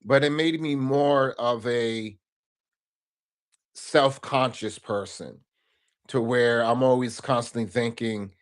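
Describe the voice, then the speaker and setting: A man's voice: mid-range voice, fairly even intonation, takes it slowly, pauses often. A man speaking as a podcast guest, earnest and reflective, often tagging his points with a questioning "right?". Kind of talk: casual interview conversation.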